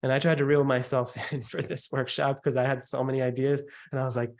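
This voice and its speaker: A man in mid-range pitch leads a sales workshop with an emphatic teaching manner. He slows down on key points and lets his voice fall to drive them home, and now and then he imitates chatty listener noises to make his point. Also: steady tone. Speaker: sales coach.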